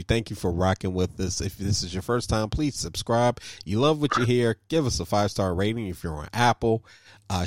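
Guy cohosting a gaming podcast, talks easy, dry close mic. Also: no echo. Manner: animated, laughs often, voice jumps high when excited. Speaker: podcast co-host. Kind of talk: casual podcast chat.

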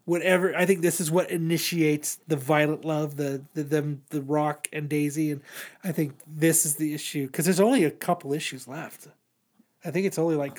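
A man's voice: a little high, a little mellow. A man casually recapping a comic book on a podcast, rambling with lots of fillers and swearing. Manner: rambling, profane, many fillers. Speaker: podcast host.

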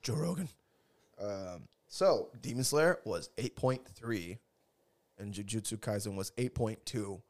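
Lively, laughing male podcast co-host. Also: lowish voice, measured pace. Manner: swears freely, laughs often, loose rambling. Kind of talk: casual podcast chat.

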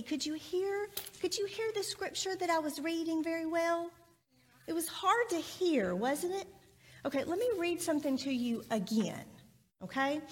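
Woman, children's minister: high voice, slow and friendly, sermon for kids in a church, lots of questions to the children. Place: church sanctuary.

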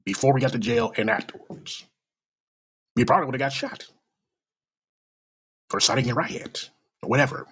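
A man's voice: mid-range voice, moderate pace, long pauses, fairly bright tone, slightly rough, dull audio. A man telling a personal story aloud in a blunt, profane and emotional way.

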